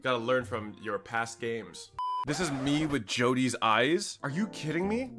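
A man's voice: medium pitch, expressive, measured pace, fairly bright tone, soft background music. A young man livestreaming, chatting casually with his viewers in a crude, joking way. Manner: joking, crude, addressing chat. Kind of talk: casual stream chat.

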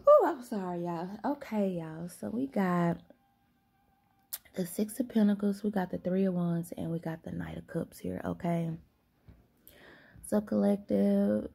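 A woman's voice: mid-range voice, unhurried, vocal fry, dark tone, slightly rough. A woman giving a casual tarot reading late at night, sleepy and yawning, drawling and peppering her talk with "okay?" and "y'all". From Southern United States. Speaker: tarot reader.

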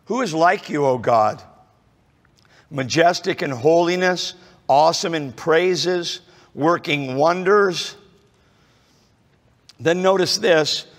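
Male pastor, slightly high, unhurried sermon delivery full of "uh" and "um", fades soft then swells. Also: vocal fry. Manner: halting, many fillers, drops to near-murmur then rises. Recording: long reverb of a large hall.

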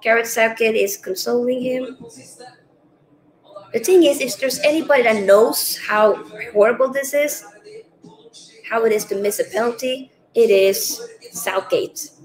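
Woman, watch-along host, high register, emotional off-the-cuff talk, roomy echoey recording. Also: unhurried, long pauses. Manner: emotional, thinks aloud, talks straight to viewers. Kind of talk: live match watch-along reaction.

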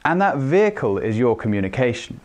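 A man explaining communication skills in a lesson, calm and measured, sometimes showing off changes in pitch and speed. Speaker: communication trainer. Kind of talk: instructional talk.

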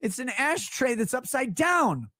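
Brief: male streamer, sarcastic profane rant, very animated pitch. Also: a little slow. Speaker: livestreamer reading chat. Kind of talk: ranting livestream monologue.

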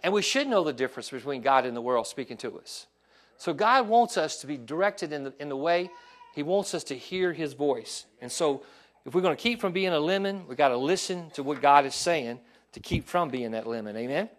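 Pastor, male, high-pitched, lively pulpit delivery, asks congregation for responses. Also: a little fast. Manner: animated preaching with call-and-response asides. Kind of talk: sermon. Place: church sanctuary.

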